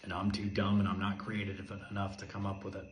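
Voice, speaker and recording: A man telling a personal story in an intense, repetitive way, moving from urgent emphasis to a hushed voice. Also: deep voice, monotone, fast talker. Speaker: video host. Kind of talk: emotional personal monologue. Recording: echoey room with faint ambient noise.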